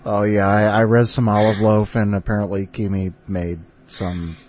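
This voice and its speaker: A man's voice: fairly low pitch, level tone, normal speed, muffled recording, noisy background. A man hosting a podcast, chatty, laughing often and stumbling over fillers as he introduces contributors. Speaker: podcast host.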